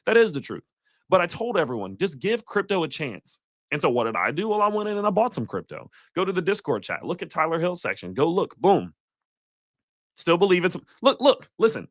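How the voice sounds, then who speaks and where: A man hosting a live crypto market stream, talking in a blunt, animated and profane way. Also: sits high, brisk, dry recording, clean studio sound. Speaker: crypto livestream host.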